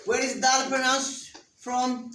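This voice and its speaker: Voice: sits high, flat delivery, slow pace, sharp tone, slight background noise. A teacher giving an interactive lesson to a class, patiently asking pupils questions and modelling sounds for them to repeat. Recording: roomy classroom picked up from a distance.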